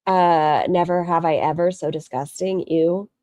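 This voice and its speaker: Woman streamer, mocking commentary, swears a lot, low pitch, dead-dry sound. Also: steady tone, a little slow, dark tone, no echo. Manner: snarky, mocking, swears freely. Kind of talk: reaction commentary.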